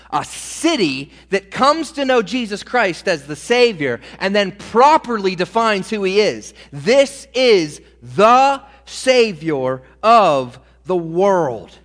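Emphatic high-voiced male preacher. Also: big pitch swings, fairly bright tone. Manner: emphatic, slows and stretches key words. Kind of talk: sermon. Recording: reverberant hall.

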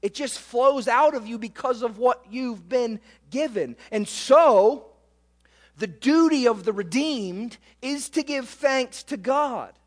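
A man preaching a sermon, emphatic and full of rhetorical questions to his listeners. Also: very high-pitched. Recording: long hall reverb.

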